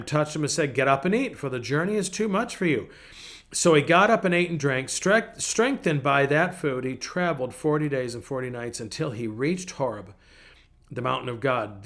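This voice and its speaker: A man's voice: medium pitch, fairly bright tone. A middle-aged male pastor preaching a conversational sermon, telling personal stories in a folksy way with frequent restarts.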